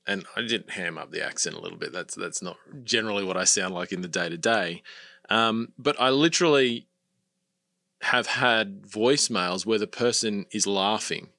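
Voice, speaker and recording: Man, lowish voice, bright and forward, dry close mic, chatty podcast co-host. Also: normal speed, vocal fry, dry recording. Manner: chatty, with many fillers. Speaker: podcast co-host and dropshipping coach. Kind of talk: casual podcast conversation.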